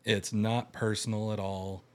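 A young man with a somewhat low voice tells a story in a casual interview. He talks in an easygoing way and jumps into a raised voice when he acts out quotes. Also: little pitch movement, measured pace, darkish tone. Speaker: guest telling his story.

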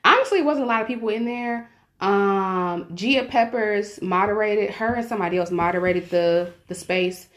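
A woman co-hosting a podcast in easygoing, casual chat. She talks with a playful, teasing edge and breaks into laughter easily, with her voice at a middle pitch. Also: normal speed, a bit bright. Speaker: podcast co-host.

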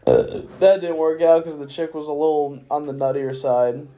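A man's voice: a little high, steady tone, normal speed, dark tone. A drunk young man rambling through a profane story on a casual podcast. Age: young adult. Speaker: podcast host. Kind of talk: casual chat.

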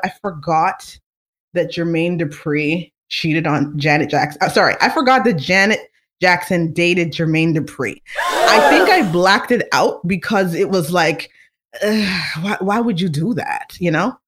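A vlogger chatting casually and excitedly to the audience, rambling with lots of fillers and sudden gushing. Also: medium pitch, moderate pace. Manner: excitable, rambling, animated fan. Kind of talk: casual fan chat to camera.

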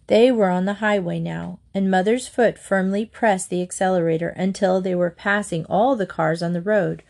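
A woman narrating a children's chapter book in a steady, expressive read-aloud. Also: fairly low pitch, normal speed, creaky, few pauses.

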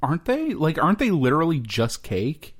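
A man's voice: on the high side, wildly swooping pitch, brisk, breathy edge. A man co-hosting a podcast in casual chat, joking around and laughing often. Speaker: podcast co-host.

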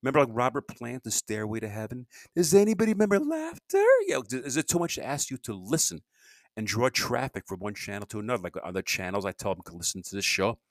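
A man's voice: medium pitch, very animated, fast, no room sound. A man hosting his own solo podcast, rambling in a loose monologue, restarting sentences and grumbling in asides. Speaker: podcast host.

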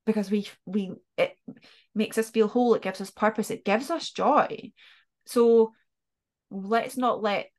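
A woman co-hosting a coaching podcast, talking in a reflective, thoughtful way with frequent restarts. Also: medium pitch. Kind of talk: casual podcast chat.

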